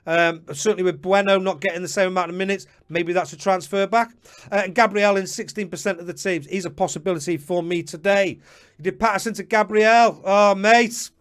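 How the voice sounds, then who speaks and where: Guy hosting a live stream, high voice, chatty, calls out viewers by name. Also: steady tone, a little fast. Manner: chatty, addresses viewers by name, apologetic asides. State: slightly out of breath. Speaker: host. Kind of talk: live-stream fantasy football chat.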